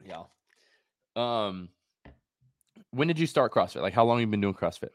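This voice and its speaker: A man's voice: on the low side, lively intonation, normal speed, no echo. A young man hosting a podcast interview, chatty and loose, laughing often and full of fillers. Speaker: podcast host. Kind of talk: casual interview chat.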